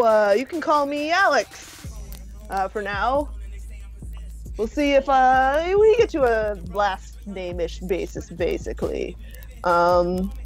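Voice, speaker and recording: A woman's voice: high voice, darkish tone, voice pushed up, exaggerated voice. A woman playing a breezy, offhand mage man. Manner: casual, offhand, fumbling fillers. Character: easygoing blond middle-aged male mage rescuer, breezy.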